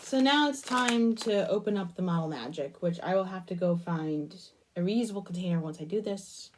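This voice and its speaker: A young woman on a crafting channel talks while handling clay, meandering from her project into an extended childhood tale and back with comments on her work. She speaks with a fairly low pitch and lively intonation at normal speed, with slight noise behind her.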